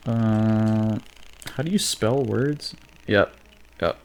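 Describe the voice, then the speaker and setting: Rambling low-voiced man in casual chat. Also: drawn-out words, a little hiss or hum. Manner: rambling, hesitant, full of restarts. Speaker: co-host.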